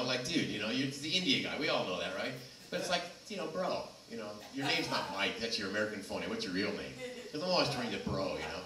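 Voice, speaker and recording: A man's voice: medium pitch, animated, quick pace, sharp tone. Rambling man doing stand-up, echoey room. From Los Angeles. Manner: rambling, loose, crowd work. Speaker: stand-up comic. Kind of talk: stand-up comedy set. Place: small comedy venue. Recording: echoey room from far off, noisy.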